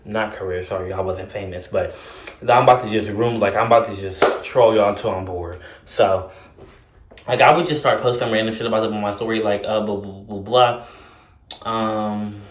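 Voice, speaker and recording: A young man casually telling a story in a vlog, animated and sassy, full of fillers and cursing. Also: lowish voice, moderate pace, reverberant, a little hiss or hum.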